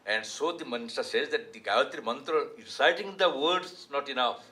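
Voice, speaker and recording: A man's voice: mid-range voice, bright, forceful tone. An older man from India with an Indian English accent, giving a reflective storytelling talk as an author. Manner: measured, reflective, with restarts. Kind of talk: storytelling lecture. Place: hall.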